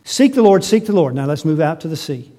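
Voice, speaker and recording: Male pastor mid-sermon, high-pitched voice; animated delivery with big loud peaks and hushed asides. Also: a little fast. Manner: animated preaching, swinging from loud emphasis to quiet asides.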